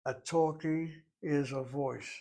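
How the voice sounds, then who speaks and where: A man teaching a Hebrew class, explaining grammar in a deliberate, step-by-step way and sometimes thinking aloud. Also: a little high, fairly even intonation, creaky, mellow.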